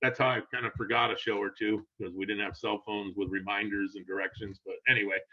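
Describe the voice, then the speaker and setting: An older man telling a long rambling story in casual chat, animated and laughing, acting out quotes in a raised voice. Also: lowish voice, quick pace, slightly rough. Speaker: guest storyteller. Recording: dull lo-fi sound.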